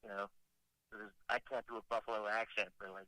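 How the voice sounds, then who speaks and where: A man's voice: lowish voice, fairly quick, dry recording, poor audio. A man in his fifties, a rock singer calling in as a guest, casually telling a long story and acting out what other people said. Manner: animated storyteller who acts out quoted dialogue. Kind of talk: casual phone-in interview storytelling.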